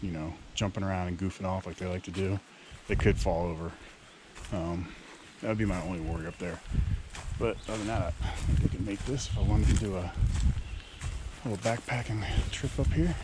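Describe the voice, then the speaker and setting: A man's voice: low-pitched, brisk, long pauses. A man in his thirties chatting casually while he hikes, with lots of fillers. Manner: relaxed, chatty, many fillers. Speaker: hiking vlogger. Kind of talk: casual vlog narration. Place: outdoors on a wooded trail. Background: wind, outdoor nature sounds.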